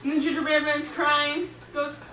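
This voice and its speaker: A woman's voice: sits high, little pitch movement, normal speed. A woman improvising a silly story, rambling and playful and often giggling, recorded from a distance in a roomy, noisy space.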